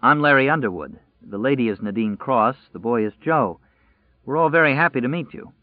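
A man's voice: medium pitch, expressive, fairly quick, no room sound, close to an everyday voice. An earnest young man, voiced by a male narrator, plain-spoken and a little baffled. The sound is dry with a thin, phone-like band.

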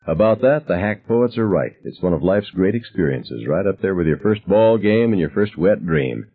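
A man narrating an audiobook in a wry, reflective first-person way, with a husky voice. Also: deep voice, expressive, normal speed, narrow, tinny audio.

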